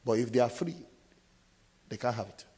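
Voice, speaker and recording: A man preaching a sermon as pastor, asking the congregation to finish verses and acting out scenes with loud shouts. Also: mid-range voice, lively intonation, moderate pace, slightly rough. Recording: long hall reverb.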